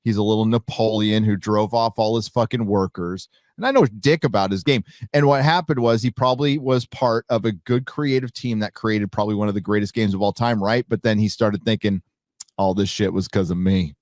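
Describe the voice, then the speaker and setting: A man's voice: fairly low pitch, brisk, few pauses, darkish tone, no echo, studio quality. A man talking as a guest on a casual live chat, blunt and swearing freely as he rants.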